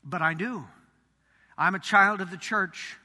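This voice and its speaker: A man pastor preaching a sermon in a church sanctuary, dramatic, swinging from loud emphasis to hushed asides. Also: sits high, measured pace. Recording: reverberant sanctuary.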